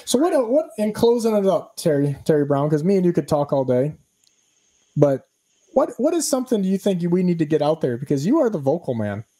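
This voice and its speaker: A man's voice: on the high side, big pitch swings, brisk, dark tone, rough recording. A man hosting a fishing podcast, talking in a laid-back, chatty and jokey way. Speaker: podcast host. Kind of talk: casual interview chat.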